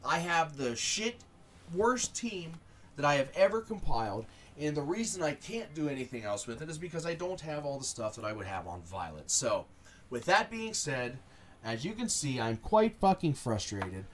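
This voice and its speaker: A man streaming a video game, talking in a halting, angry, exasperated way, swearing often and restarting his sentences. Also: a little high, very animated, fairly bright tone, slight background noise. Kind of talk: frustrated gameplay commentary.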